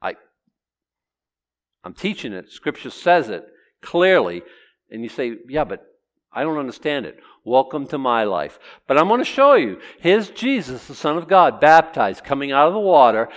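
A man's voice: medium pitch, big pitch swings, moderate pace. A man preaching a conversational Bible lesson, asking his listeners questions and acting out the quotes he reads. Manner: chatty, asks the audience questions, acts out quotes.

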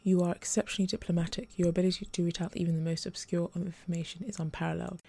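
Urgent blunt male cop read by a woman, low gravelly voice, storybook. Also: fairly even intonation, brisk, dark tone. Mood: earnest. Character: half-human male detective, urgent and blunt. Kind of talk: audiobook character reading.

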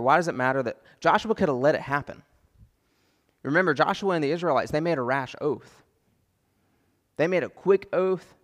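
A man's voice: a little high, fairly bright tone, long reverb tail. A man preaching a sermon as pastor, impassioned, repeating phrases for emphasis and acting out prayers.

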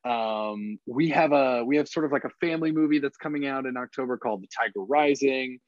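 A man's voice: medium pitch, a little fast, no room sound. A man talks as a podcast guest in a loose, rambling way, full of fillers. The recording is dry, with no room sound, and slightly dull and muffled. His voice sits in a middle range for a man. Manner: relaxed, rambling, many fillers. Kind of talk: casual chat.

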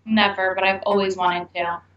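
A woman's voice: mid-range voice, level tone, normal speed, fairly bright tone. Woman with short replies, dull lo-fi sound. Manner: brief supportive interjections. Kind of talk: casual chat.

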